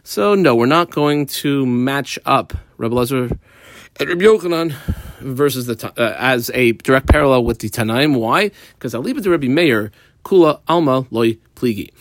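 A man's voice: medium pitch, animated, moderate pace, no room sound, studio quality. A man teaching a daily Talmud page, walking through the text line by line with Aramaic terms and casual asides. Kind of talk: daf study lesson.

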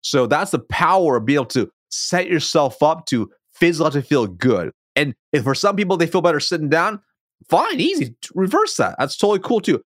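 A man being interviewed as a sales coach, a self-described fast talker who stumbles and restarts his words, speaking over a video call. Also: a little high, sing-song, no room sound, clean studio sound. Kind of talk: conversational interview.

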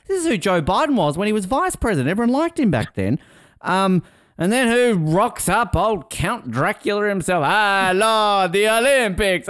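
A man co-hosting a podcast in casual chat, animated and swearing, laughing and mimicking people as he talks. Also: high-pitched, dry recording, clean studio sound. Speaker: podcast co-host.

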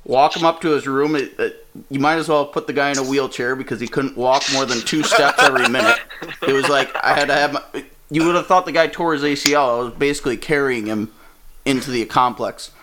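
A man's voice: mid-range voice, a little fast, noisy background. A man from Wisconsin, a stand-up comedian, telling a story casually, swearing and laughing as he goes. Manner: profane, animated, laughs mid-story.

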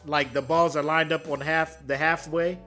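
A man co-hosting a podcast in casual, swearing chat, acting out little scenes in loud, high voices. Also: flat delivery, normal speed, faint music behind. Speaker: podcast co-host.

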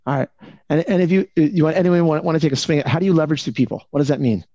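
On a video call, a male coach leads a real estate team, talking fast and firing one question after another at the group with lots of energy. His voice sits on the high side yet sounds mellow and dark. The call audio is dry and muffled, with no room sound.

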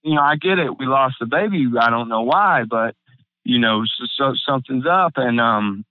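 Young guy, halting and near tears, smooth voice, tinny phone-like line. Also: mid-range voice, lively intonation, no echo. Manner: halting, many restarts and fillers, near tears. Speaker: guest. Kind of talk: emotional personal storytelling. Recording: phone-like narrow band, dry.

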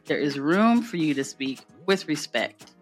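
A woman hosting a podcast in casual conversation, animated and laughing as she tells family stories. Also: low voice, moderate pace, faint music behind. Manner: animated, laughing storyteller, acts out family voices. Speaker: podcast host.

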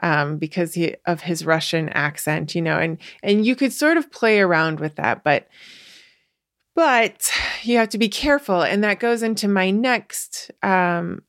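A woman with a slightly low voice hosts a podcast and shares writing advice. She talks casually, with lots of fillers and self-corrections and the odd light laugh. Her voice sits close to the mic in a very dry, dead-sounding recording. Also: measured pace, a bit bright, no room sound. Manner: chatty, many fillers and restarts; laughs lightly while explaining.

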